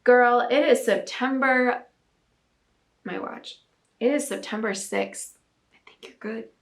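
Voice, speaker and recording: A woman's voice: a little high, slow. A young woman hosting a casual talk segment, bubbly and chatty with lots of filler words. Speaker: host reading viewer submissions. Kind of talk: casual chat and reading aloud.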